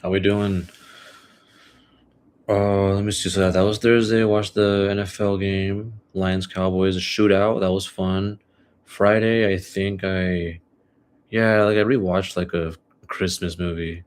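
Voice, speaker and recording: Low flat-voiced young man rambling casually. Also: a little slow. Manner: rambling, filler-heavy, laid-back. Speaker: podcast host. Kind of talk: casual solo podcast chat.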